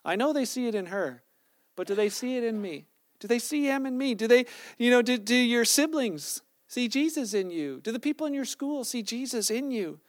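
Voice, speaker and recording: A man's voice: very high voice, animated, normal speed, no echo, clean studio sound. A man, a pastor with children, giving a sermon in a loose, conversational storytelling way, often restarting his sentences. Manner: conversational storytelling preaching, self-correcting.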